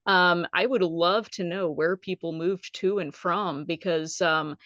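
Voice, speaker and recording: A woman's voice: on the low side, steady tone, unhurried, fairly bright tone, no room sound, dull audio. A woman co-hosting a casual podcast chat, upbeat and laughing often. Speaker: co-host.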